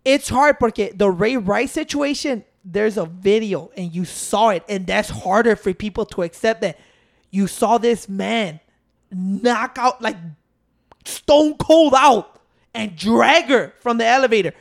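Gravelly man arguing. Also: sits high, measured pace. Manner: insistent, keeps restarting to hold the floor. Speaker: podcast co-host. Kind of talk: casual profane debate.

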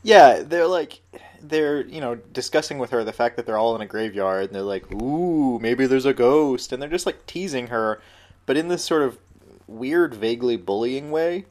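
A man's voice: mid-range voice, lively intonation, moderate pace, darkish tone. A man co-hosting a podcast, recapping an episode in casual chat with dry, detailed asides. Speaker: podcast co-host.

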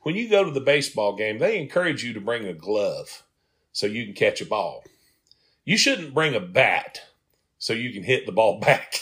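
A man's voice: fairly low pitch, sing-song, moderate pace, fairly bright tone. A man, a comedy tour guide telling folksy stories on a podcast and acting out the people in them. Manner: folksy, laughing, acts out quoted people. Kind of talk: casual podcast storytelling.

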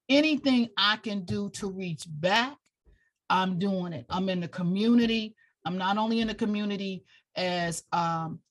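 A middle-aged woman who served in the military talks as a guest with heartfelt passion. She is tearful and repeats herself as she pleads with listeners. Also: medium pitch. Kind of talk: heartfelt interview talk.

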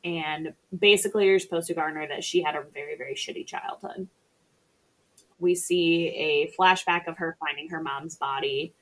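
A woman's voice: low-pitched, fairly even intonation, moderate pace. A woman casually recapping a film on a podcast, chatty and sarcastic, swearing freely. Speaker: podcast co-host or guest. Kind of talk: casual movie recap chat.

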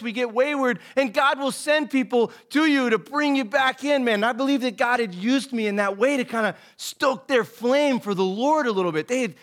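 A man in his thirties, an associate pastor giving a casual, earnest sermon full of folksy stories, saying "man" over and over. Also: extremely high pitch. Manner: folksy storytelling, says "man" and "dude" constantly; animated and earnest.

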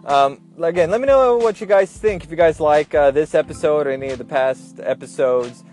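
A man's voice: fairly high pitch, a little fast, a little mellow, faint music behind. A man hosting a casual solo podcast, chatting and joking as he repeats his advice with emphasis. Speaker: podcast host, airline gate agent.

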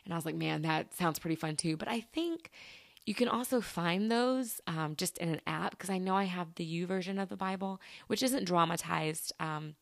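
Chatty low-voiced woman podcaster. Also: normal speed, creaky, dry recording, clean studio sound. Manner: chatty and rambling, laughing often; addresses listeners as "you guys" and "y'all". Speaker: podcast host. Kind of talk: casual solo podcast chat.

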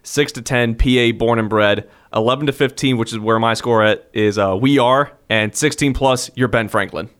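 A man co-hosting a casual sports podcast, running a quiz and reading the scores out slowly. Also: medium pitch, a bit bright, clean tone. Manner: runs a quiz, reads out scores and ranks slowly. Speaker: podcast co-host. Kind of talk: casual chat.

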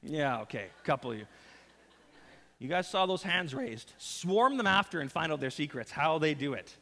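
A man preaches a sermon in a fairly high voice that swings widely in pitch. He tells the story in an animated, conversational way with jokes. A long reverb from the large church hall trails behind his voice. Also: moderate pace. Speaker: pastor.

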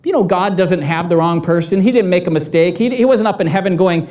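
A woman pastor delivering a sermon, animated and acting out the voices in the story. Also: lowish voice, brisk.

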